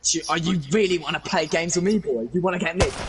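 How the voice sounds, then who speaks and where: A man's voice: a little high, fast talker, a crowd in the background, lightly acted. A young man putting on an aggressive, threatening older man who swears. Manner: gruff and menacing, swearing.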